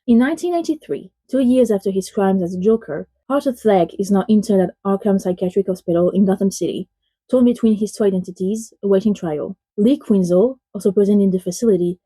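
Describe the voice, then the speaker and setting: A woman's voice: mid-range voice, warm tone, slightly rough, rough recording. A woman from France with a French accent, a native French speaker, giving a casual, chatty film review in English with lots of fillers. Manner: chatty and rambling, many "like" fillers.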